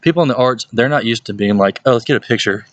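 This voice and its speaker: A youth pastor from Mississippi with a Southern accent, talking casually and playfully in an advice vlog at home. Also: male voice, fast talker, dry recording. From Hattiesburg, Mississippi, USA. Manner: chatty and playful, jumps into exaggerated high-pitched voices when quoting people. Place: at home, with his dog nearby.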